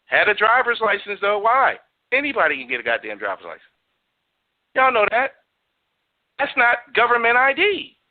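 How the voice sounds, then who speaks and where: A man's voice: very high voice, narrow, tinny audio. A man hosting a radio talk show, preaching and cursing in a stream of rhetorical questions.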